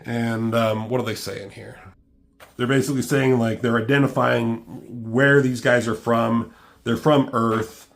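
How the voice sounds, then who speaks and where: A man's voice: mid-range voice, fairly even intonation, measured pace, creaky, a bit bright. A man casually reviewing a comic book, rambling with lots of ums and swearing freely.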